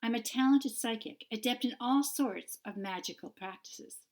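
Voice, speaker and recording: A woman's voice: fairly high pitch, moderate pace, pitched above the performer's own voice, lightly acted. Audiobook role: an earnest young witch, read by a woman, insistent and pleading. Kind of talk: audiobook character voice.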